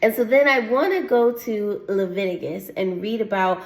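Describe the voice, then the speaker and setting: A woman at a middle pitch preaches a heartfelt teaching sermon and reads scripture aloud. She punctuates her points with frequent "Amen"s and soft laughs. The room around her is echoey. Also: moderate pace, slight background noise. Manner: earnest, repeats "Amen" often, laughs lightly. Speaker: host of a faith testimony show.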